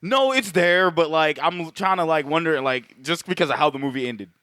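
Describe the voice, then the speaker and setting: Joking man co-host, slightly high voice. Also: moderate pace, sharp tone, clear, resonant tone, no room sound, studio quality. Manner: joking, profane, reads notes in a dramatic announcer tone. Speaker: podcast co-host. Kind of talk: casual podcast banter.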